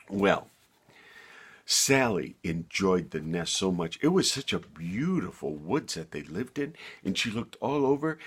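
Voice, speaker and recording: A man telling a bedtime story in an animated, sing-song way. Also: sits low, slightly rough.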